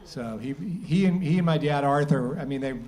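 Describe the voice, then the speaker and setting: Man guest, halting reflective answer, warm low tone. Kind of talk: casual onstage answer. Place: live theater stage.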